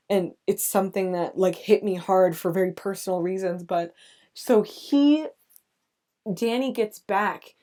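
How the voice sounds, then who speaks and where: A young woman hosting a podcast, recapping a film in casual chat, speaking in halting restarts with nervous laughs as she gets emotional. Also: lowish voice, warm tone. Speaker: podcast host.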